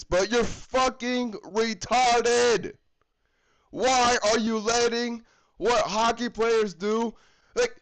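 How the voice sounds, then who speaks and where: A man's voice: high-pitched, rough recording. A man from the United States giving a heated, profane hockey fan rant that is full of swearing and repetition. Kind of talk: profane ranting commentary.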